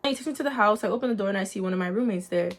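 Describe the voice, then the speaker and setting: Speaking at a racing clip in a mid-range voice, a young adult woman tells viewers her faith testimony directly. She's earnest and animated in a relaxed storytelling way, addressing everyone as "guys."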